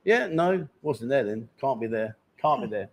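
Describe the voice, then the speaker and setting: A man's voice: mid-range voice, expressive, normal speed, vocal fry. A man in his fifties hosting a live chat show, joking and teasing guests and viewers in casual banter. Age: 50s.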